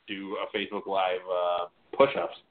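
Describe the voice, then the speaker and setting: A man co-hosting a casual sports talk show, excitable and rambling with fillers. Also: low voice, normal speed. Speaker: podcast co-host. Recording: phone-like internet radio audio.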